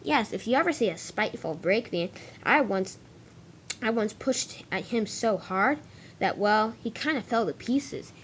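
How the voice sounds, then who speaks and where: A woman voicing a calm male train engine who patiently teaches a newcomer. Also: medium pitch, moderate pace, a little hiss or hum, lightly acted.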